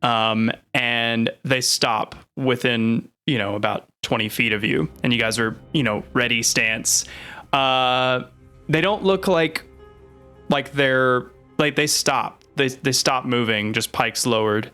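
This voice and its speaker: A man's voice: medium pitch, takes it slowly, pushed and bright, smooth, soft background music. A man narrating a tabletop game as game master, hesitant and full of fillers.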